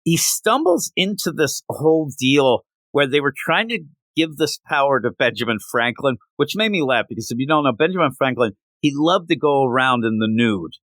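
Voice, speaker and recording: Animated man, lively rambling delivery. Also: medium pitch, moderate pace, few pauses, no echo. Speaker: podcast co-host. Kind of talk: casual chat.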